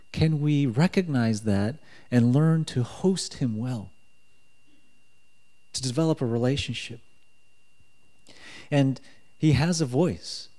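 A man's voice: medium pitch, warm tone. Male preacher, mid-range voice, chatty sermon with light jokes. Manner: conversational, joking, with chuckles.

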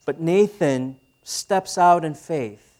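A man's voice: on the high side, slow, darkish tone. A man in his thirties preaching a sermon as pastor, speaking conversationally and asking the audience questions.

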